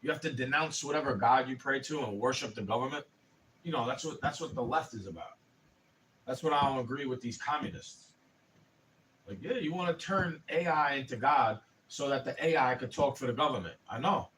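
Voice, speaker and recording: A man's voice: medium pitch, fairly quick, fairly bright tone, recorded from a distance, slight background noise, low-quality recording. A man in his twenties, ranting profanely and heatedly in a casual livestream. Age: 20s. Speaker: streamer.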